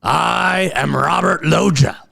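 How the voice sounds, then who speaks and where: Comic impression: a man putting on a gruff older mob-movie tough guy, higher than his own voice, louder, drawn out. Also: slow pace, no echo, heavily acted. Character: gruff older male mafia-actor impression.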